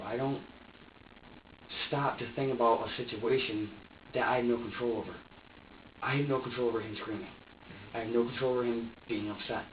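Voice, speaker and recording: Picked up by a far-off security camera mic, a young man under interrogation swears a lot while acting out heated arguments in an agitated retelling of events. His pitch sits in the middle range. The audio is echoey, distant and dull, with slight hiss or hum.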